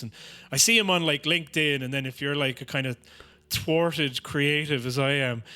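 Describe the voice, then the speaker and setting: A man's voice: medium pitch, pushed and bright. An Irish man on a podcast, ranting and swearing in a casual comedic way. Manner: sweary, ranting, slips into mocking quote voices. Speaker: podcast co-host.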